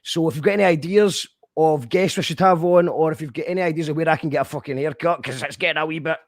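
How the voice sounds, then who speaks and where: A man's voice: a little high, fast, no echo, clean studio sound. A man with a Scottish accent hosting a casual radio interview, chatty and swearing casually. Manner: chatty, swears casually, reads out listener comments. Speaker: radio show host.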